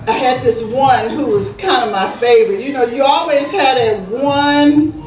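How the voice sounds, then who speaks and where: A woman performs stand-up, her high voice rising as she acts out her relatives in an animated way. The recording catches her from a distance in an echoey room. Faint music sits underneath. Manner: animated, acts out family voices, Southern Black vernacular. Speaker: stand-up comedian. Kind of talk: stand-up comedy storytelling. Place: small comedy club stage.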